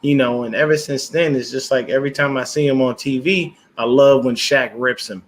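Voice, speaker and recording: A man with a middling pitch telling an animated, profane story among friends. He talks fast and loud, pushing his points hard. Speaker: panel guest. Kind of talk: casual chat.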